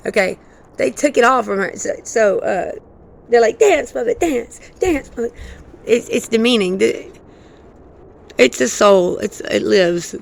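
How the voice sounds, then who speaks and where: A woman vlogging in a rambling, excitable stream-of-consciousness monologue. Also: mid-range voice, unhurried, creaky, pauses often. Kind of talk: casual monologue.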